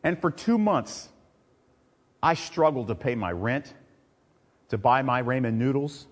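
A man's voice: medium pitch, lively intonation, a little slow. Preaching man in an echoing hall. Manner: swings from loud preaching to quiet storytelling. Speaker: pastor. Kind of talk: sermon. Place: church sanctuary. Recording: long reverb of a large hall.

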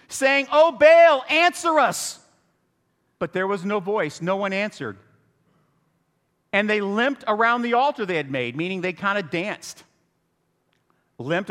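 A man's voice: sits high, big-room sound. A man preaching a humorous sermon as pastor, telling the story with jokes and asides. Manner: animated, joking storyteller. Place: church sanctuary.

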